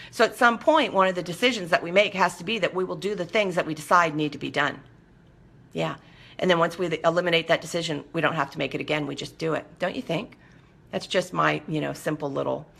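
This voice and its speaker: A woman's voice: lowish voice, sharp tone. A middle-aged woman hosting a live show, chatting casually with viewers and coaching them in a direct, firm way.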